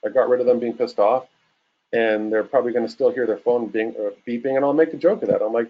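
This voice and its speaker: A man in his forties giving a casual webinar talk as a real estate coach, acting out phone calls in a lively way. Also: mid-range voice, fast talker, highs cut off. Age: 40s. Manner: casual, animated, acts out calls.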